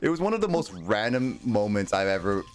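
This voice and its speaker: A man in his twenties chatting on a gaming livestream, talking in a rambling, halting way full of fillers. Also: lowish voice, very animated. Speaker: streamer. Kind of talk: casual chat on a gaming livestream. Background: faint game music.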